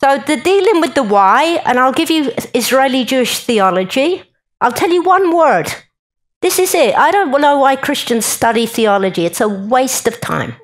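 A woman's voice: high-pitched, sing-song, moderate pace, poor audio. A woman giving a chatty, joking talk to a live conference audience and speaking straight to the crowd.

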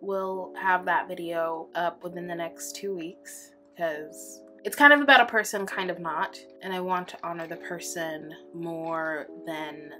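A woman's voice: lowish voice, fairly even intonation, measured pace, hardly any pauses, pushed and bright, faint music behind. A woman in her twenties talking casually to camera in a personal vlog, rambling, often laughing, and close to tears. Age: 20s. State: holding back tears. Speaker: vlogger.

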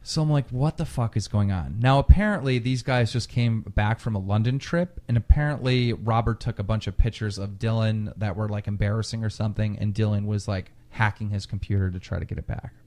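A lowish male voice, a little fast with few pauses, belongs to a podcast host telling a long story casually. He's an animated, foul-mouthed storyteller who performs each quote.

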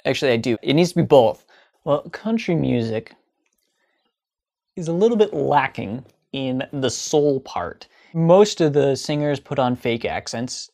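A man talking to camera in a casual comedic monologue, chatty and sarcastic. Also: mid-range voice. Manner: chatty, sarcastic, breaks into mocking sung parodies. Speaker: comedy vlogger.

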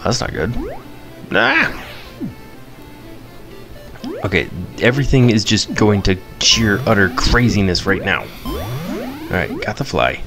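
A playful man talks through a mobile game, his lowish, gravelly voice leaping from chatter into high squeals. Bouncy game music plays clearly underneath. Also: a little slow. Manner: excitable, squeals in high pitch at surprises; playful chatter, chants nonsense eating noises. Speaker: gamer.

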